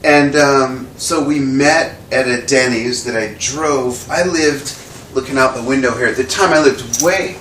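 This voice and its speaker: A man being interviewed, telling a casual anecdote and acting out the quoted dialogue with lively shifts in voice. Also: medium pitch, measured pace. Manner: animated storyteller who acts out quoted dialogue. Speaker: interview guest, drummer. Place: indoor room with a window. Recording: roomy echo, mic at a distance, faint background noise.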